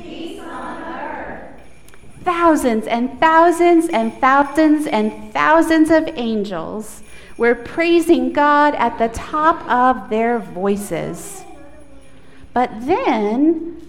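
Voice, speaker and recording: A woman pastor leading a prayer, then telling a story to children in an animated, coaxing way. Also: high voice. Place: church sanctuary. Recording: echoey church hall, faint noise.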